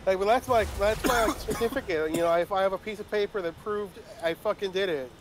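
A man's voice: high-pitched, fast talker, background noise. A young man telling a long story to friends in casual chat, with lots of restarts. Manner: rambling, animated storytelling with restarts.

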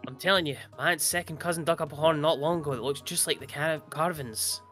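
A man voicing a gruff, quarrelsome northern chief with a Scottish accent. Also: on the high side, fast, sharp tone, soft background music. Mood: blustering.

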